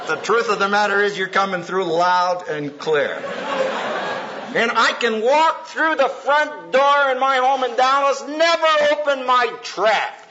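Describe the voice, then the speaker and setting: A man preaching to an audience about marriage and family, punchy and humorous, acting out everyday scenes as he goes. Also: high-pitched. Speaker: speaker at a Christian conference. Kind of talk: sermon. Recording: dull lo-fi tape with faint hiss.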